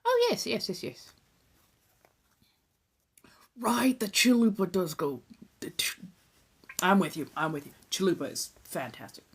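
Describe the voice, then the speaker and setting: A young woman from Southern California hosting an ASMR and tarot live stream from a phone. She chats casually, swears now and then and slips into soft whispered asides. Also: mid-range voice, very animated, a little slow, long pauses, slightly rough.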